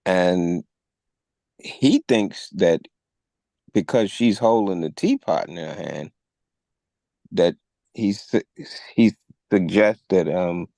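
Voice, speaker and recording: A podcast co-host with a low, creaky, dark voice retells a news story slowly and conversationally. His storytelling is measured, though he raises his voice to act out the officers he quotes. The recording is dry.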